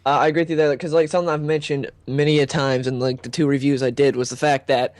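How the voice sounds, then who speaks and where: A man hosting a casual movie debate. He is opinionated and keeps acting out quoted lines in a higher voice. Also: flat delivery, fast talker, darkish tone, no echo. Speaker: host.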